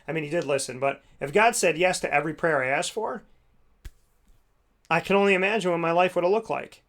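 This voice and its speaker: Male host, slightly high-pitched, casual storyteller full of fillers who acts out the voices. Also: a bit bright. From United States. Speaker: radio show host. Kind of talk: reflective talk with a told parable.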